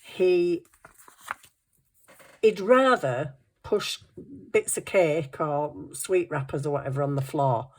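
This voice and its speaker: Middle-aged woman, relaxed craft-vlog chatter, quick to laugh, a touch low in pitch. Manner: chatty storytelling, laughing often. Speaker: craft vlogger. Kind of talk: casual chat.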